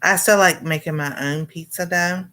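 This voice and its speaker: A woman's voice: lowish voice, fairly even intonation, moderate pace, pushed and bright. A middle-aged woman chatting casually and rambling to viewers on a cooking livestream, greeting them and laughing often. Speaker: cooking channel host.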